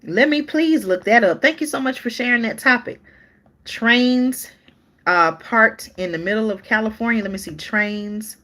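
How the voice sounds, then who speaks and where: A woman's voice: on the high side, moderate pace, a bit bright. A woman hosting a live-stream news show, reading articles aloud in a chatty way and talking straight to her viewers, often stopping to restart or look things up.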